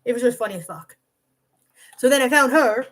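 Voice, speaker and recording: A woman's voice: on the high side, expressive, fairly quick. A young woman casually telling a rambling personal story, swearing freely and often restarting her sentences. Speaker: vlogger.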